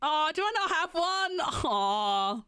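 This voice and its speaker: Woman streamer, sweary sarcastic ranter, high-pitched, dry recording. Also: lively intonation, normal speed, a bit bright, dry recording. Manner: ranting, sweary, sarcastic mock voices. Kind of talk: casual stream chat.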